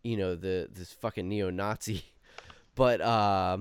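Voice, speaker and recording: A man co-hosting a podcast, talking through a TV show in an opinionated, animated way and swearing freely. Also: low voice, slow, smooth, dry recording. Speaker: podcast co-host. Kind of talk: casual chat discussing a TV show.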